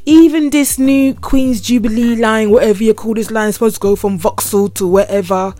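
A woman's voice: a little high, normal speed, dry recording. A young woman with a London accent, hosting her podcast as a casual solo rant full of slang. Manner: chatty, slangy, animated. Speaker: podcast host.

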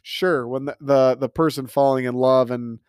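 A man's voice: mid-range voice, steady tone, normal speed, a little mellow, smooth, no echo, clean studio sound. A man hosting a podcast, ranting in a casual, exasperated, profane way. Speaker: podcast host. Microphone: podcast microphone.

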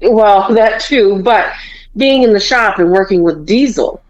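A woman's voice: medium pitch, measured pace, lo-fi sound. A woman podcast host telling family stories in casual chat, swearing freely and acting out her parents' quarrels.

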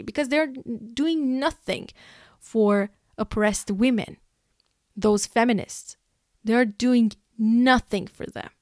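A woman's voice: fairly high pitch, takes it slowly, a little mellow, no room sound, clean studio sound. A young woman from Iran giving an emotional, exasperated opinion monologue as a vlogger, sighing and laughing between points.

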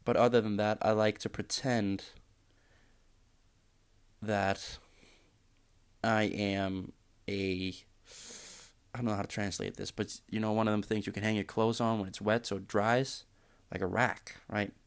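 A man's voice: on the low side, level tone, measured pace, pauses often, clean tone. A man hosting a podcast, ranting casually in a sarcastic, exasperated way and swearing freely. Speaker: podcast host.

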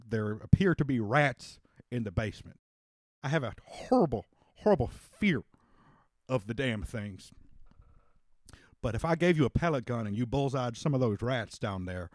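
Here's a fussy little soda clerk with no chin, as a man puts him on, talking slow and prim and proper, mid-pitched man's voice, nice and dry with no room sound at all. he's polite and careful the whole way through, like a nervous shopkeeper. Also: darkish tone, no room sound, close to an everyday voice.

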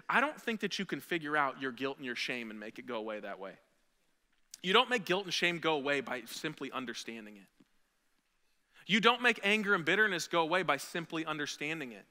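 A male pastor preaches in a church with a long, ringing hall reverb. His voice is strikingly bright and a touch high for a man. He talks earnestly and swells into loud, emphatic peaks. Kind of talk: sermon. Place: church sanctuary.

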